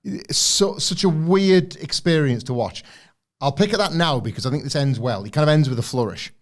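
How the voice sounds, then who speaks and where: A young man co-hosts a relaxed wrestling podcast. His voice sits a little high. He chats in an animated way and slips into put-on voices to act out scenes. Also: normal speed. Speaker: podcast co-host. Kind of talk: casual wrestling review chat.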